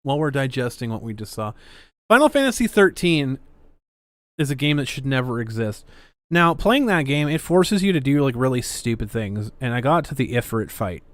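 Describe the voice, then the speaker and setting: A man's voice: medium pitch, big pitch swings, moderate pace, fairly bright tone, no room sound. A man hosting a casual livestream, reading viewer messages aloud with sarcastic, swearing commentary. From Canada. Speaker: livestream host.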